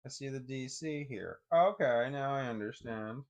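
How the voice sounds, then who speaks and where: Halting, self-correcting man thinking aloud. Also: medium pitch, highs cut off. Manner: halting, repeats words while working out what he sees. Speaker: live streamer. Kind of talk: thinking aloud on a live stream.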